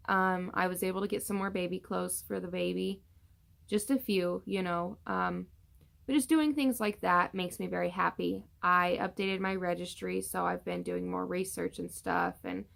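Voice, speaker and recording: A woman's voice: fairly low pitch, vocal fry, a bit bright. A young woman casually chatting through a pregnancy update vlog, rambling with many fillers and tired from yawning. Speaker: vlogger.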